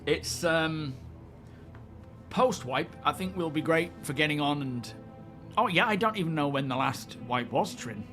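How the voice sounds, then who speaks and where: A man's voice: fairly high pitch, animated, measured pace, fairly bright tone, faint music behind. A man hosting a live stream, chatting casually and greeting viewers as he rambles.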